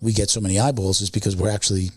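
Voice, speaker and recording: A man's voice: fairly low pitch, little pitch movement, very fast, breathy edge, no echo. Male podcast host, rambling and easygoing, dry studio sound. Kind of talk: casual podcast chat.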